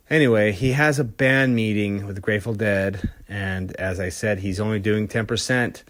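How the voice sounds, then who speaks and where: A man's voice: lowish voice, steady tone, moderate pace, hardly any pauses, fairly bright tone, no room sound, studio quality. A man hosting a podcast, telling a rock story in a loose, casual way with lots of fillers and the odd curse. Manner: loose and profane, many fillers and restarts. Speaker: podcast host.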